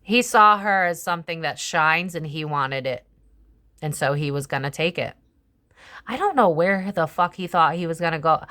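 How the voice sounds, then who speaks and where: A woman's voice: lowish voice, sharp tone. A young woman chatting casually through a tarot reading, swearing freely and slipping into other people's voices. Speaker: tarot reader and channel host. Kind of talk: casual psychic tarot commentary.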